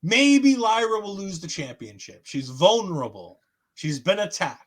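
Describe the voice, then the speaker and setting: Guy w/ high voice, animated podcast recap, loves doing the quotes. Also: unhurried. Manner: animated storytelling, acts out quotes. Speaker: podcast co-host. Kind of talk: casual wrestling recap chat.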